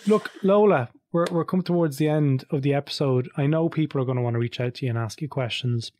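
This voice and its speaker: A man hosting a podcast, asking questions in a relaxed, conversational way. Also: mid-range voice, quick pace, a little hiss or hum. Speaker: podcast host. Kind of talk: casual interview chat.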